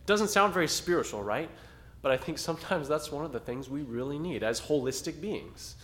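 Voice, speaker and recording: A man's voice: fairly high pitch, animated, fairly quick, a bit bright. A man preaching a sermon to a small congregation in a conversational style, rising to dramatic emphasis at times. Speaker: pastor.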